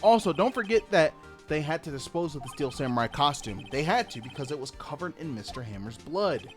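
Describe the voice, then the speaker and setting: A man's voice: a little high, sing-song, brisk, faint music behind, pitched above the performer's own voice. A man reading aloud as a young male defense lawyer laying out an accusation in a courtroom game. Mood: accusing.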